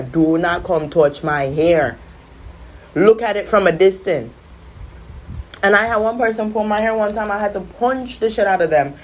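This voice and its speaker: A young woman, telling stories in a sassy, animated casual rant, coughing now and then. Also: mid-range voice. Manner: animated, sassy storytelling with patois slips. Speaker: vlogger. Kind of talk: casual smoking-session rant.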